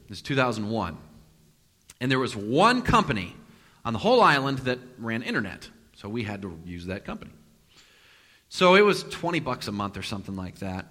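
A man preaching a sermon, telling a personal story and acting out the quotes with sudden loud and hushed turns. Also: medium pitch, very animated, brisk. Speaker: pastor. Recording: long reverb of a large hall.

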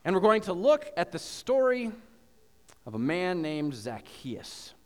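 A man preaching a sermon as pastor, telling a story with animated questions to the congregation. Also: high voice, unhurried, in a large hall. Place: church.

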